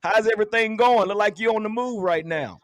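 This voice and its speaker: A man's voice: high voice, brisk, a crowd in the background. A man hosting a casual sports fan podcast, upbeat and chatty, laughing often. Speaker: podcast host.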